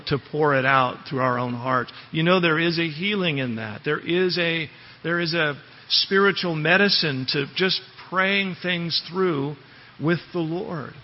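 A man preaching in a church sanctuary, his husky voice sitting a touch high for a man. He talks through the passage plainly and keeps asking the congregation questions. The sound is dull and lo-fi, with a long hall reverb trailing each phrase. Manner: conversational, asks the congregation rhetorical questions. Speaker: pastor. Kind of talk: expository sermon.

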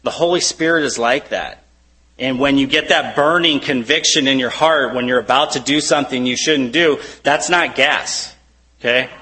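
A man's voice: mid-range voice, moderate pace, pushed and bright, poor audio. A man preaching a conversational sermon to his church, reading scripture and often asking rhetorical questions. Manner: conversational, fillers like "you know", rhetorical questions. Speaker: pastor.

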